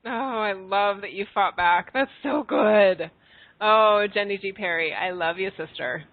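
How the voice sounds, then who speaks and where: A woman's voice: medium pitch, measured pace, dry recording. A woman hosting a spiritual call-in podcast, talking to callers in an effusive, affectionate way. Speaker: podcast host. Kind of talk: call-in spiritual talk show. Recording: tinny phone-like sound.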